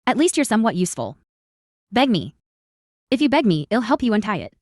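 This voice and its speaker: A haughty young woman with a sharp tongue, scolding the people around her with open contempt. Her voice sits fairly high and swings widely in pitch. The sound is close and dry, with no room around it. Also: sing-song, brisk, no echo. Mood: impatient. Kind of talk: dubbed drama dialogue.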